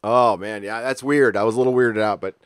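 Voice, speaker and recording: Man, middle-aged, from San Diego, livestream host, casual chat, low voice, profane rambling stories. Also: fairly even intonation, a little fast, clear, resonant tone, no room sound, studio quality. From San Diego, California. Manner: laid-back, profane storytelling with sudden high-pitched outbursts.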